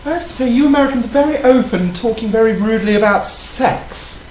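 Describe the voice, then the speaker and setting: A woman's voice: a little high, animated, darkish tone, reverberant, slight background noise, natural voice, rough recording. A woman voicing a prim, proper European lady with a put-on British accent, genteel and easily offended. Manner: genteel and overly polite, drawn-out exclamations. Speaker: co-host. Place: hotel studio.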